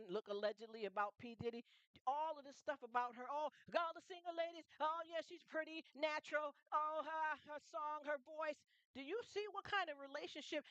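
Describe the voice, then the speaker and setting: A woman's voice: sits high, fairly bright tone, dry recording, dull audio. Emphatic woman chatting on a livestream. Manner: emphatic, repeats herself, asks the audience if they understand. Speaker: livestream host. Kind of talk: casual livestream chat.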